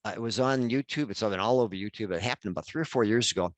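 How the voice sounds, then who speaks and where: A man's voice: fairly low pitch, quick pace, no room sound. An older man in his sixties presenting a workshop over a video call, chatty and addressing attendees by name. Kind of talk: webinar workshop talk.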